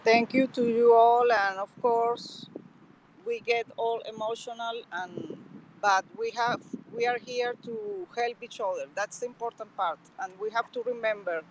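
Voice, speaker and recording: A woman's voice: fairly high pitch, lively intonation, measured pace, a little hiss or hum, poor audio. A woman speaking earnestly as a guest in a casual audio chat.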